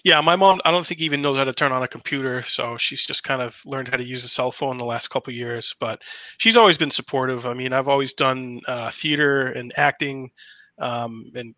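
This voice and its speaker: A man hosting a casual stream talks on in long rambling stretches, stumbling and restarting his sentences. His voice is bright and forceful. The sound is dry and close. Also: medium pitch, a little fast, no room sound. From New Hampshire. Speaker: stream host, impressionist. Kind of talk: casual chat.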